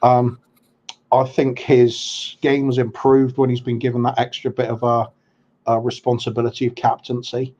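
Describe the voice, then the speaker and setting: A man co-hosting a casual football chat, pausing often with ums and restarting his sentences. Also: mid-range voice, little pitch movement, a little mellow, muffled recording. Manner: hesitant, lots of ums and restarts. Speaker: podcast co-host.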